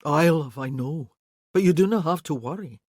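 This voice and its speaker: A woman voicing a bold Highland warrior man in an audiobook, with a firm, loud, coaxing delivery. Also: normal speed, breathy edge, no room sound, clean studio sound.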